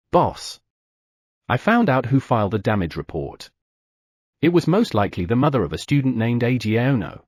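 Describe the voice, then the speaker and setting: A man narrating an audiobook in the first person with expressive delivery. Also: mid-range voice, husky, no echo, clean studio sound.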